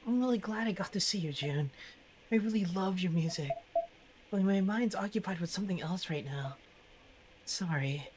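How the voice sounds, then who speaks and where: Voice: medium pitch, normal speed, noisy background, voice pushed up, lightly acted. A streamer voicing a shy, flustered young female fan in a visual novel game, gushing and then apologizing as she hurries off. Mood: apologetic.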